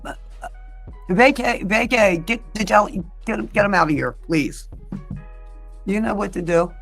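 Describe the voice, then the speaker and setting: A woman's voice: mid-range voice, creaky. A woman on a livestream in an angry, indignant rant, cursing and defensive.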